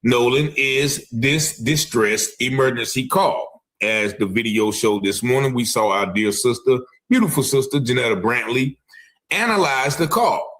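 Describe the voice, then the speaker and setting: A man's voice: mid-range voice, a little slow, fairly bright tone. A man commenting on a live stream, speculating and hedging as he repeats himself. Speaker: online commentator.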